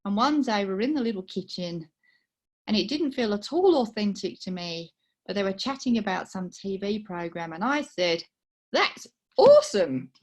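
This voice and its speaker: Soft-spoken British woman with an Aussie twang. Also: medium pitch, expressive, normal speed. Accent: British with a slight Australian twang. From United Kingdom. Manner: soft-spoken, conversational and self-deprecating. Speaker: table topics speaker. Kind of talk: personal storytelling.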